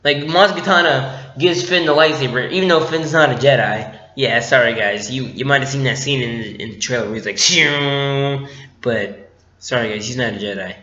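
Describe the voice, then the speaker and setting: A man's voice: medium pitch, brisk, bright, forceful tone, a little hiss or hum. A man giving a casual, rambling movie review with lots of filler words, recorded on a dull lo-fi mic in an echoey room.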